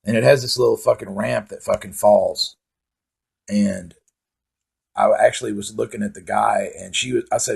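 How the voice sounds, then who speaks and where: A man's voice: on the low side, normal speed, vocal fry, darkish tone, husky. A man telling profane, rambling comic stories in a casual monologue. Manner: profane, rambling, laid-back storytelling with laughs.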